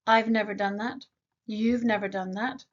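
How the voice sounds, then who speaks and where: A woman teaching an English grammar lesson, slowly modeling example sentences and asking the learner quick questions. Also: medium pitch, steady tone, highs cut off.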